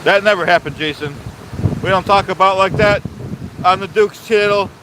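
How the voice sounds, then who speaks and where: Speaking at normal speed in a high voice, a man rants on a phone livestream next to a waterfall as he reads chat. With pompous, mock-authoritarian flair he calls himself by the third person and drives his points home again and again, a faint outdoor hiss beneath.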